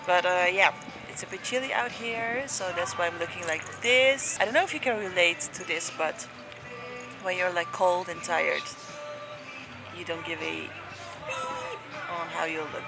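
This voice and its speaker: A woman's voice: fairly low pitch, very animated, unhurried, vocal fry, long pauses, poor audio. Chatty Dutch-accented woman vlogging outdoors. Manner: chatty, giggly, many fillers. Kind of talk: casual travel vlog chat. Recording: music playing over the voice.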